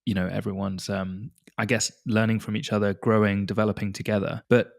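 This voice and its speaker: A man hosts a casual podcast interview, asking long, rambling questions full of fillers. His voice sits fairly low, and the recording is dry and close, with no room echo. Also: flat delivery, brisk, vocal fry. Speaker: podcast host.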